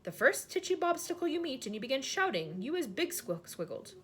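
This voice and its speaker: A woman's voice: sits high, sing-song, brisk, a bit bright, pitched above the performer's own voice. A woman voicing a friendly male giant who mangles his words, reading aloud from a storybook. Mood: cheerful. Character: big friendly male giant, jumbled grammar.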